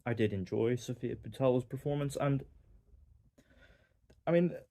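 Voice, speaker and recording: A man's voice: mid-range voice, normal speed, gravelly, dark tone. A young man with a Northern Irish accent giving a casual, rambling movie review, full of fillers and wry asides. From Northern Ireland. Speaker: film reviewer.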